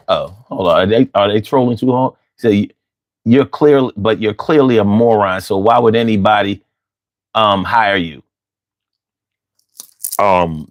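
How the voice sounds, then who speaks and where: A man hosting a late-night livestream, ranting with heavy profanity and talking back to his chat. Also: on the low side. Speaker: livestream host.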